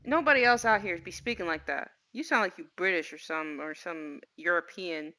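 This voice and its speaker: A woman casually commenting on a game she plays, chatty and animated with lots of slang. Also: on the low side, moderate pace. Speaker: gaming streamer. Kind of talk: casual let's-play commentary.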